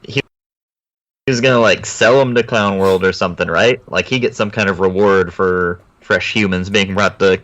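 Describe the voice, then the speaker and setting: Low-voiced podcast co-host reacting. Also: male voice, steady tone, moderate pace, fairly bright tone, dull audio. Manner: short amused reactions. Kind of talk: casual chat.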